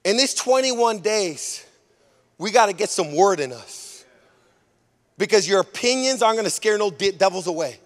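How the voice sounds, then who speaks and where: A male senior pastor preaching a sermon in a church, emphatic and repetitive, often rising to a shout. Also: sits high, lively intonation, moderate pace. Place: church sanctuary.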